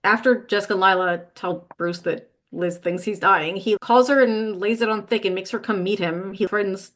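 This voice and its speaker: Woman podcast co-host, casual book recap, mid-pitched, lots of quoted asides. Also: steady tone, moderate pace, a bit bright.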